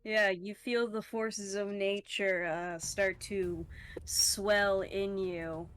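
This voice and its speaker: A woman acting as game master in a tabletop game over voice chat, relaxed and often laughing. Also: medium pitch, takes it slowly. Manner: relaxed, counts squares aloud, laughs often. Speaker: dungeon master.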